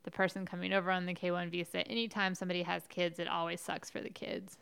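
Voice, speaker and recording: A woman's voice: lowish voice, level tone, fast, gravelly, fairly bright tone, clean tone. A woman co-hosting a podcast in playful, chatty casual talk. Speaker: podcast co-host. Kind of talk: casual chat.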